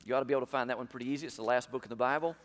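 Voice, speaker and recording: A man's voice: mid-range voice, racing. A pastor preaching a sermon to his congregation, emphatic and full of rhetorical questions. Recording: long hall reverb.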